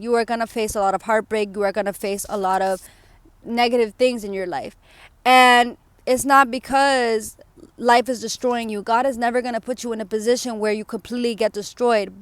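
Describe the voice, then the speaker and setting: A woman's voice: fairly high pitch, clear, resonant tone, no echo. A young woman vlogger telling a personal story in a candid, emotional way, full of fillers like "like" and "you know", tearful at times.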